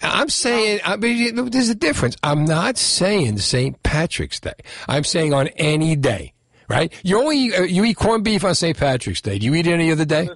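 Animated, teasing male radio host. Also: a little high, normal speed, no echo, studio quality. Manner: animated, teasing, joking with callers. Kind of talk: lively call-in radio banter. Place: radio studio. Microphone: studio microphone.

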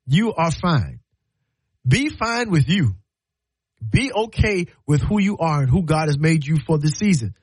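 High husky radio host guy preaching at you, repeats himself a lot, dry close sound. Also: very animated, a little slow, no room sound, poor audio. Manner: preachy, emphatic, repeats words, acts out quoted lines. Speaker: radio talk show host. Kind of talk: radio talk show monologue.

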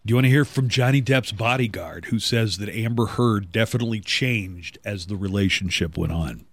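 A middle-aged man with a fairly low voice hosts a morning radio show with no room sound. Wisecracking and conversational, he trades casual jokes and reads the news, running through listings briskly.

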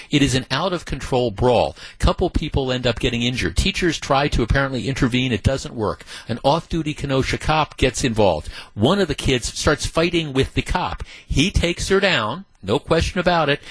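A male talk radio host speaks with a husky, slightly rough voice at an ordinary pitch. His commentary is indignant and emphatic, and he piles up rhetorical questions. The studio sound is dry and close, with no room echo. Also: a bit bright.

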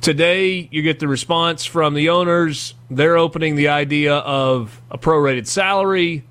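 A man's voice: on the high side, measured pace, clean tone. Chatty man hosting sports radio. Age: 40s. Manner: chatty and self-deprecating, animated when joking. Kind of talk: casual sports radio talk.

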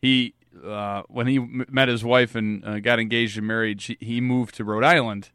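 A man's voice: mid-range voice, steady tone, moderate pace, fairly bright tone, clear, resonant tone, no room sound, studio quality. A man co-hosting a radio show, telling stories casually with a few restarts. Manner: conversational, storytelling with restarts. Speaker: radio co-host. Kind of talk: casual chat.

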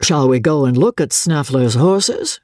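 A reader voicing a sly, amused young military gentleman with a mustache in an audiobook. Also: mid-range voice, lively intonation, a little slow, no echo, clean studio sound, close to an everyday voice. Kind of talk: audiobook character voice.

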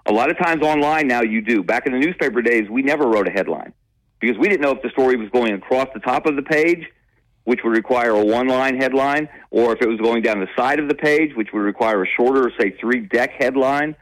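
A man's voice: medium pitch, fairly quick, no room sound, low-quality recording. Earnest man giving radio commentary. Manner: earnest, emphatic, repeats himself when stressing a point. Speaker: columnist and radio guest.

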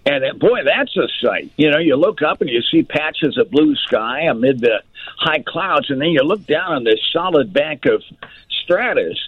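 A man's voice: on the high side, animated, normal speed, breathy edge, no room sound. A man, a meteorologist guest, explaining the weather enthusiastically in casual chat over a phone line. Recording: dry tinny phone line.

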